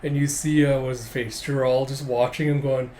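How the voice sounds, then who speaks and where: A man's voice: medium pitch, level tone, normal speed, darkish tone, a little hiss or hum. A man giving a casual manga chapter recap, laughing often and retelling scenes with "it's like". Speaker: manga reviewer.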